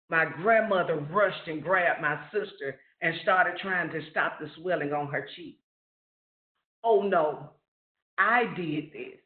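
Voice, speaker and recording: A man telling a personal family story in an earnest, storytelling way on a webinar call. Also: on the high side. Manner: slow, earnest storytelling with rising questions. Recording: roomy, phone-like lo-fi webinar audio.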